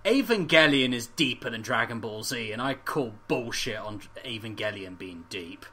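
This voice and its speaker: A man in casual podcast chat whose pitch swings freely as he talks. His tone is bright and forward, and he laughs and swears as he rambles through tangents. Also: animated, moderate pace, slightly rough. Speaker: podcast co-host.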